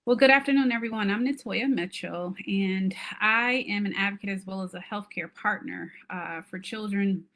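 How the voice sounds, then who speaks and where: A woman healthcare advocate introducing herself to a task force in a measured, formal way. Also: mid-range voice, fairly bright tone.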